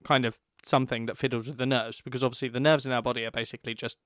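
Male podcast co-host, mid-pitched, explanatory, dry close sound. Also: level tone, racing, a bit bright, dry recording. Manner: explains in detail, restarts phrases. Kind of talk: casual chat.

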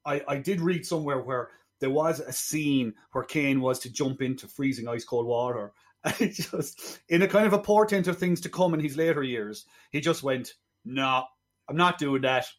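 A man's voice: fairly high pitch, moderate pace. A man co-hosting a film podcast, rambling through a plot retelling in casual review chat.

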